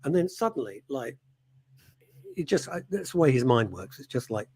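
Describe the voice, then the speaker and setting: A man's voice: medium pitch, normal speed, a little hiss or hum. A man hosting a radio show, chatting and joking in a playful way. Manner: animated, jokey, breaks into silly voices. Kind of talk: casual comedic chat. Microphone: studio microphone.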